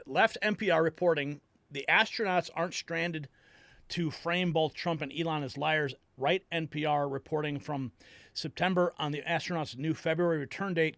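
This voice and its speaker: Guy hosting a news commentary show, bright forceful voice, dry close mic, gets worked up. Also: fairly high pitch, gravelly, no echo. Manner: emphatic, excitable commentary reacting to clips.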